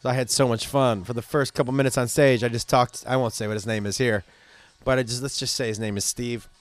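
A middle-aged man, a stand-up comedian, talking in a casual, profane monologue that bursts into loud rants. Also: medium pitch, fast talker, soft background music. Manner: profane, animated ranting with loud outbursts.

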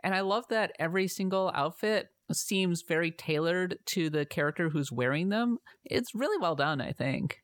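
A woman co-hosting a podcast in casual chat, making measured, thoughtful comments. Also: fairly low pitch, animated, no echo. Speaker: podcast co-host.

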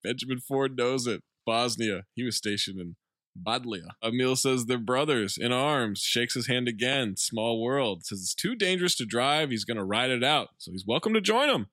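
Bright-voiced man recapping a movie. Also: medium pitch, animated, normal speed, no room sound, clean studio sound. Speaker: podcast co-host recapping a film. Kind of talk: casual comedic movie recap.

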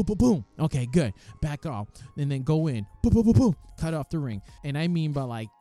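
A man casually telling the story of his amateur boxing match, lively and animated, acting out the quoted voices and swearing freely. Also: mid-range voice.

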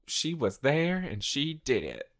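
A man co-hosting a casual chat, playful and quick to laugh. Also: mid-range voice. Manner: animated, laughs often, playful asides. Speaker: podcast co-host.

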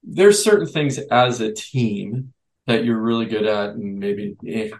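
A man hosts a youth coaching podcast and works through his questions out loud. His voice sits in a middle pitch and he speaks conversationally. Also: measured pace, low-quality recording. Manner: conversational, thinks aloud with restarts. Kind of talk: podcast interview.

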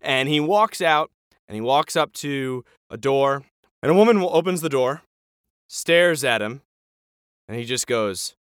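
Smooth-voiced man recapping an episode. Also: medium pitch, a little slow, dry recording, studio quality. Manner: animated retelling with acted-out quotes. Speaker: podcast co-host. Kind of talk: casual recap chat.

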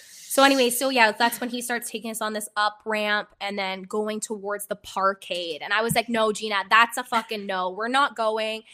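A young woman hosting a podcast, telling a travel story in casual chat, animated and swearing freely. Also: mid-range voice, normal speed. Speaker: podcast host.

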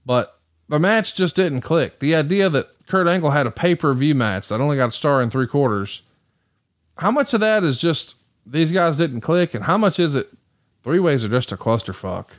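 A man hosting a podcast, briskly recapping match results and then asking his co-host questions. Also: on the high side, big pitch swings, no echo. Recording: dry close mic.

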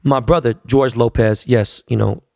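A man's voice: mid-range voice, fairly even intonation, moderate pace, gravelly, a little mellow, no echo, studio quality. A man in his forties telling a long, profane story in a casual, rambling way, full of fillers. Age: 40s.

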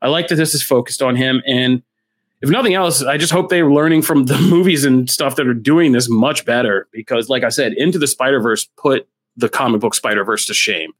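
A man co-hosting a casual comic book chat, blunt and opinionated in a steady way. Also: medium pitch, brisk. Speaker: comic book podcast co-host.

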